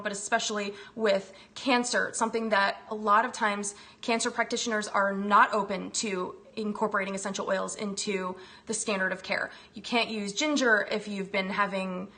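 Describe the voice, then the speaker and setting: A woman's voice: medium pitch, bright, forceful tone. A woman hosting a casual wellness livestream, effusive and bubbly, greeting viewers by name as she chats into her phone. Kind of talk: live-stream chat greeting viewers.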